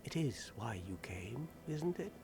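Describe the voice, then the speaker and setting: A gloomy, slow-spoken undead warrior. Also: male voice, mid-range voice, creaky. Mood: weary, sardonic. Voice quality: depressing monotone. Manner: cynical, world-weary, mocking. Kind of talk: video game character dialogue. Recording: game audio with steady background noise.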